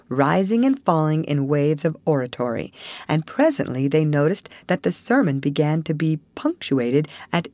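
A woman reads a classic storybook aloud, her low voice rising and falling expressively. She keeps a measured pace, recorded dry and close with no room sound. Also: a little mellow, dry recording. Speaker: narrator. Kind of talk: storybook reading.

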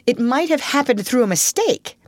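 A woman reading the lines of a frail, agitated invalid gentleman in a storybook, with breathless, urgent outbursts. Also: high-pitched, lively intonation, moderate pace, no room sound, pitched above the performer's own voice.

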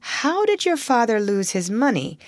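A woman reading the lines of a frail, agitated invalid gentleman in a storybook, with breathless, urgent outbursts. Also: on the high side, very animated, moderate pace, no room sound, pitched above the performer's own voice.

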